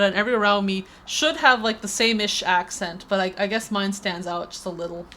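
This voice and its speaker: Chatty streamer, slight Spanish accent. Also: female voice, medium pitch, quick pace, hardly any pauses, a bit bright, slight background noise. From Peru. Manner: over-enunciates consonants; chatty, rambling, many restarts. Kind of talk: casual game-stream chat. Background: faint game music.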